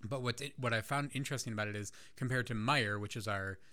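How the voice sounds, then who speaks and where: A man's voice: medium pitch, quick pace, sharp tone. A man from the American Midwest chatting in an easygoing way and drifting into tangents. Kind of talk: casual chat.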